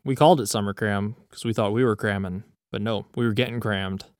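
A man's voice: on the low side, steady tone, a little fast, dry recording, studio quality. A man co-hosting a podcast, bantering in a crude, joking, profane way. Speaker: podcast co-host. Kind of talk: casual chat.

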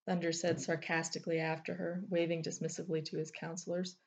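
Low-voiced woman narrating fiction. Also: level tone, a little fast, vocal fry, hardly any pauses, darkish tone, slightly rough, highs cut off. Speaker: audiobook narrator.

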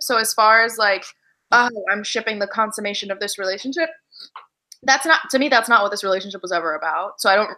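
A woman chatting casually over a call, bright and forward in tone. She talks in lively swings, jumping high when she acts out someone else's words. Her pitch sits in the middle range for a woman. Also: poor audio. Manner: animated, acts out characters' lines with big pitch jumps. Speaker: podcast co-host discussing a book. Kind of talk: casual chat. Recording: remote call audio.

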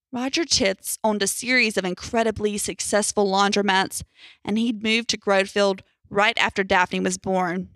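A young adult woman reading a horror story aloud in a tense, measured first-person narration. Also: medium pitch, vocal fry, a bit bright, no echo, clean studio sound.

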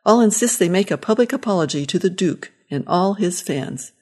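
A woman's voice: on the low side, animated, moderate pace, darkish tone. A woman reading the lines of a cranky, confused elderly father-in-law in a short story, indignant and fussy.

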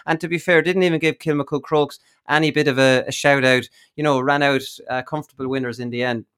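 A young Irish man hosting a sports podcast, telling stories in a lively, incredulous way and laughing often. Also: medium pitch, quick pace, clean tone. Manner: animated, incredulous, laughing storyteller. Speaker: podcast host. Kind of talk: casual sports podcast banter.

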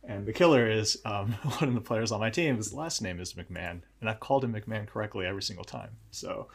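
A man's voice: fairly low pitch, fast, creaky, slightly rough. Trivia host guy on a podcast, laughs at his own slipups, acts out what people said. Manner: self-deprecating storyteller, quotes people in his stories. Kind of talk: casual podcast chat.

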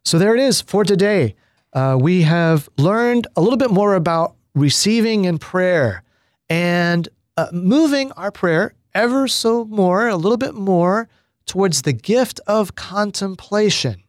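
A man, a priest, giving a spoken retreat teaching on prayer in an unhurried, reflective way with pauses and fillers. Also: high-pitched, animated, no echo, studio quality.

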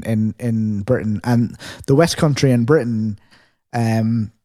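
Animated man on a dry podcast mic. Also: mid-range voice, no echo. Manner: animated storyteller, hums and sings riffs; rambling with many fillers. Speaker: podcast co-host. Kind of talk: casual chat.

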